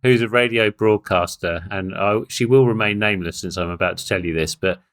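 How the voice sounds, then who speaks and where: A man's voice: on the low side, brisk, fairly bright tone. A middle-aged man with an English accent, a podcast guest chatting on a remote call and telling his story in a friendly, self-deprecating way. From England. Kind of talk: casual chat.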